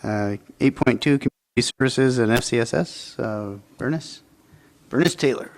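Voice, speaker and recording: A man mayor chairing a council meeting, brief and relaxed. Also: mid-range voice, moderate pace.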